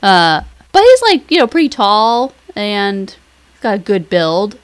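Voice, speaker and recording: A woman co-hosting a podcast, reacting with quick wry quips in casual chat. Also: medium pitch, very animated, clean tone. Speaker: podcast co-host.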